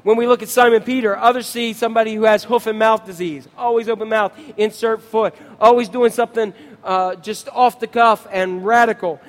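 Pastor guy preaching, high voice, keeps quizzing the crowd, echoey church. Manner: animated, asks the congregation questions. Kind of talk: sermon.

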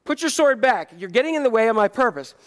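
A man voicing a calm, wry adult male Jesus in a sermon, telling a follower to settle down in an easygoing, joking way. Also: very high voice, quick pace, voice pushed up. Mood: amused calm.

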